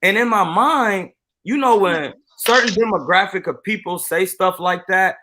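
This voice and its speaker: A boxing coach telling a story on a live stream in an animated, boastful way. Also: male voice, sits high, moderate pace, noisy background.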